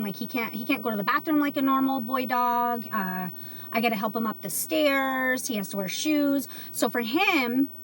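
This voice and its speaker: A woman with a slightly high voice chats casually with viewers on a livestream. She speaks earnestly, with plenty of ums and likes. A faint hiss of noise sits behind her. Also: a bit bright. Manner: earnest, chatty, many fillers. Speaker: livestream host selling CBD.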